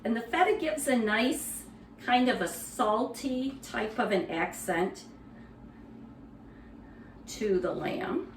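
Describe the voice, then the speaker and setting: A woman walks through a recipe in her kitchen at an unhurried pace, chatting casually as she works. Her voice sits a little back from the mic in a roomy space. A faint room hum runs underneath. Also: a little high, far from the mic. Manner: relaxed, conversational explaining with fillers. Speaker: cooking demonstrator. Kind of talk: cooking demonstration.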